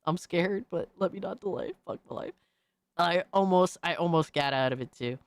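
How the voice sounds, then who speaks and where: A woman livestreamer in casual, profane chat, excitably reacting to videos and thanking viewers by name. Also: on the low side, normal speed, clear, resonant tone, no room sound.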